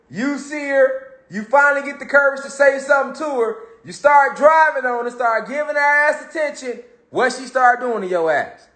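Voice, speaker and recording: A man giving a casual motivational talk about spirituality. He is animated, streetwise and profane, and keeps asking his listeners questions. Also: extremely high pitch, reverberant. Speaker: spiritual speaker.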